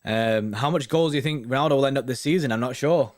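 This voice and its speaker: A man's voice: medium pitch, fast. A young man chatting casually as a host, rambling and often asking "do you know what I mean". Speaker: host reading viewer comments. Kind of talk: casual live-stream chat.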